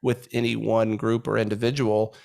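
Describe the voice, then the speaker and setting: Gravelly-voiced man musing on a podcast. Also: fairly low pitch, little pitch movement, normal speed, a little mellow. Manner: thoughtful, reflective, many restarts. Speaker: podcast co-host. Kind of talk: casual podcast conversation.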